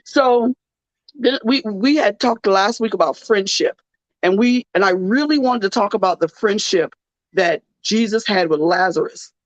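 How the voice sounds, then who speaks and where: Tired, halting woman talk host. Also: mid-range voice, no echo, highs cut off. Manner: halting, many restarts and fillers. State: tired and close to tears. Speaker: radio show host. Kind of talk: emotional faith-based talk.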